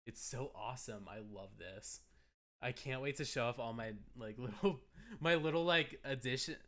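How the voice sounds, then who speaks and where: A man's voice: mid-range voice, normal speed, fairly bright tone. A man streaming live, chatting casually and rambling as he searches for words. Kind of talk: casual livestream chat.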